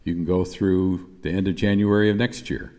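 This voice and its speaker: Low-voiced man preaching in a hall. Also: steady tone, normal speed, dark tone. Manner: conversational preaching, emphatic recitations. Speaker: pastor. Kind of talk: sermon.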